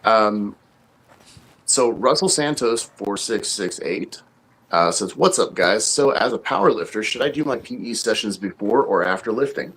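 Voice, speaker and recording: A man with a very low voice, co-hosting a casual podcast as a coach. He explains things at length, thinking aloud with fillers and restarts. His tone stays conversational and informal. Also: expressive, normal speed, fairly bright tone, slightly rough, low-quality recording.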